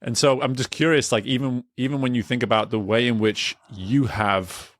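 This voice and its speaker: A man hosting a podcast interview, talking in an animated, casual way with many restarts. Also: medium pitch, moderate pace, no echo. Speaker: podcast host and coach.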